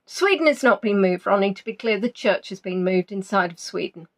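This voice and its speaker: A woman talks fairly quickly and with lots of animation while hosting a live online quiz. She chats with the players and teases them, reading out their names and answers with big swings in pitch.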